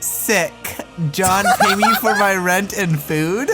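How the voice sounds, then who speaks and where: A man co-hosting a podcast in casual chat, making teasing deadpan jabs. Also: high-pitched, takes it slowly, loud music behind the voice. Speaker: podcast co-host.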